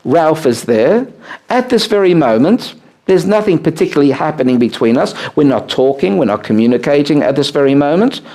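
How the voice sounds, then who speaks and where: A rabbi teaching a small live group, explaining ideas with animated, swooping emphasis and many "uh" fillers. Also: male voice, fairly quick. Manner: animated, swooping pitch on key words, frequent "uh" fillers. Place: room with a small seated group.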